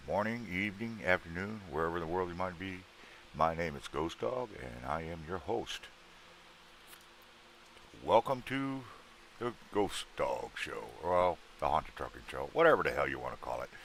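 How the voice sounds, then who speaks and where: Here the livestream host chats informally, greeting viewers by name and joking, his voice a little worn after an earlier show. It's a low, expressive voice at a measured pace with frequent pauses, pushed and bright, over slight background noise.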